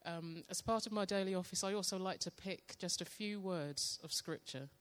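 Woman sharing devotional testimony, slow and meditative in delivery. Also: on the low side. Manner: slow, calm, soft-spoken, meditative. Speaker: church member sharing testimony. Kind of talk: devotional testimony with guided prayer.

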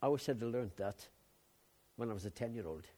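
An older man from Wales preaching a sermon, swinging between loud emphatic outbursts and quiet asides. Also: medium pitch, lively intonation, brisk. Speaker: pastor.

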